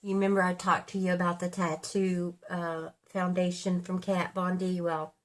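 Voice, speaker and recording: She speaks in a lowish voice with a level tone at normal speed. The speaker is a woman in her fifties, a beauty vlogger chatting casually while getting ready at home, rambling and fixing her words as she talks.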